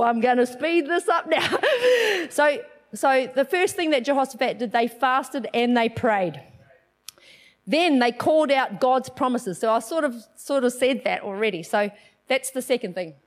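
A woman preacher shares a personal story during a sermon. Her voice sits high, and she tells the story in an excited, animated way, acting out other people's voices as she goes. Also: measured pace.

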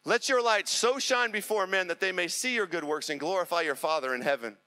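A middle-aged male pastor preaching a sermon with urgent, repetitive exhortation that builds to impassioned near-shouting. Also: high voice, a little fast.

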